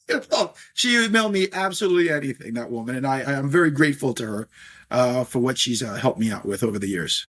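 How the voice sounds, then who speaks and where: A man's voice: mid-range voice, fast talker. A middle-aged man from New York, a scotch brand owner, talking in a podcast interview with lots of fillers and restarts. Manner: animated, many fillers and restarts.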